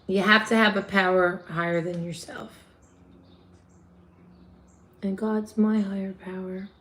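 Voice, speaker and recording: A woman's voice: mid-range voice, little pitch movement, measured pace, fairly bright tone. A woman with a New York accent hosting a casual livestream, chatting with viewers and answering their comments. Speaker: livestream host.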